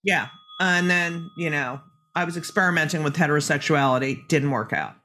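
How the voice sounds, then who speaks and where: A woman's voice: low voice, moderate pace, noisy background. A woman in her forties hosting a casual interview, brash and joking, swearing freely, with a phlegmy throat. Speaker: podcast host.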